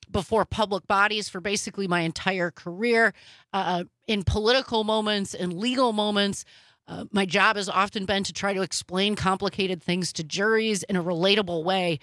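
A woman's voice: mid-range voice, sharp tone, no room sound. A woman hosting a political talk radio show, speaking in an emphatic, opinionated way.

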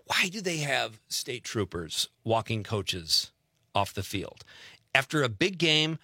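Bright-voiced Wisconsin radio host. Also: male voice, medium pitch, sing-song, takes it slowly, no room sound, clean studio sound. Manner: chatty, reads listener messages aloud. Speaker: radio talk show host. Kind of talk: casual radio chat. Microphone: studio mic.

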